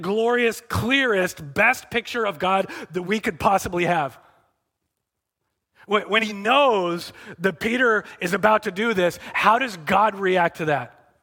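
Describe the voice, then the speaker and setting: A man preaching a sermon, earnest and animated, acting out quoted lines and then dropping to soft, intimate tones. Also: high-pitched, unhurried. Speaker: pastor.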